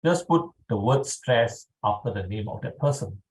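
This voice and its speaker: A man leading a guided tapping exercise over a video call, speaking calmly and checking in often with his listeners. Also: fairly low pitch, low-quality recording. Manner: slow, calm instructional pacing with frequent "all right". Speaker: EFT tapping instructor.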